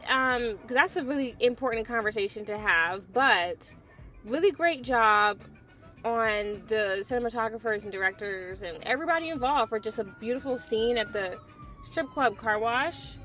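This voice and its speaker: A woman's voice: on the high side, sing-song, normal speed, sharp tone, faint music behind. A woman hosting a casual TV episode review, blunt and opinionated, swearing freely. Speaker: TV review host.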